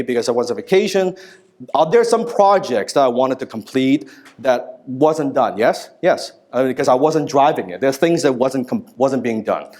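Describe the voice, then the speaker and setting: A man in his thirties giving a live business seminar, telling stories in an animated, casual way with frequent asides and some swearing. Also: mid-range voice. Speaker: business speaker. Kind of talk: live seminar talk to an audience.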